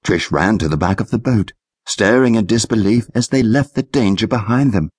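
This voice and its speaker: A man narrating a children's adventure audiobook in an expressive storytelling manner. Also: on the low side, normal speed, husky, no echo, clean studio sound.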